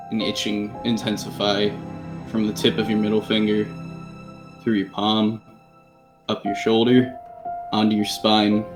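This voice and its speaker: A man who is the game master, narrating a tabletop game in a slow, deliberate, grim way. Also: on the low side.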